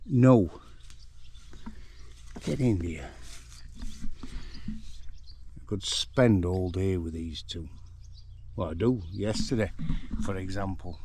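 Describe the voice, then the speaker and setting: An older Yorkshire man talks in a relaxed, chatty way out in a farm paddock. His voice sits a little low, and faint outdoor noise runs behind him. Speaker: farm vlogger. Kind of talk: casual vlog to camera.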